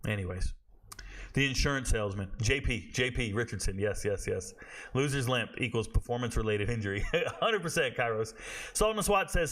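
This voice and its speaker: A man's voice: mid-range voice, expressive, a little fast, a bit bright. A man in his forties hosting a sports show, ranting bluntly in casual talk and swearing freely. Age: 40s.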